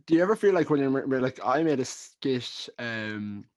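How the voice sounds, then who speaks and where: A man's voice: mid-range voice, lively intonation, normal speed, a little mellow. Irish guy guesting on a podcast, rambly, stumbles over his words a lot. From Ireland. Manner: rambling, lots of restarts and fillers. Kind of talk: casual chat.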